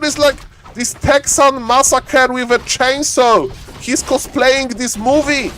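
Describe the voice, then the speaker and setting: A man casting a strategy game live on stream, joking around and yelling excitedly when fights break out. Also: slow pace, faint music behind. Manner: playful, jokey, bursts into excited high-pitched yelling in fights. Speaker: esports caster.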